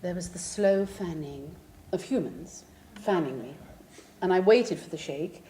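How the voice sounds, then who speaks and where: Animated woman telling a tale. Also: lowish voice, a little slow, a little hiss or hum. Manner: animated, laughing, theatrical asides. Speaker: pianist and storyteller. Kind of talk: anecdotal storytelling.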